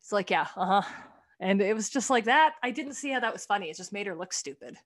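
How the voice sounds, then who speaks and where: A woman's voice: medium pitch, expressive, fast. A woman co-hosting a casual chat, talking candidly, swearing bluntly when annoyed and acting out quoted lines. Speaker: podcast co-host. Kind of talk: casual chat reviewing a comedy show.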